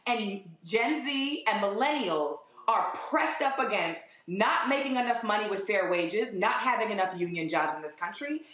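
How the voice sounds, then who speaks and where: A woman's voice: medium pitch, animated, moderate pace, few pauses, fairly bright tone. Impassioned young woman, echoey audio. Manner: passionate, emphatic, mocking quotes. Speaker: panelist, activist. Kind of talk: live political commentary. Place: outdoors in a city.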